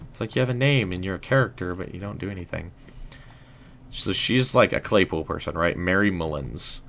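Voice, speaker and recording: A young man hosting a casual game livestream, rambling in a relaxed way with lots of "um" and "like". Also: deep voice, creaky. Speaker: livestream host.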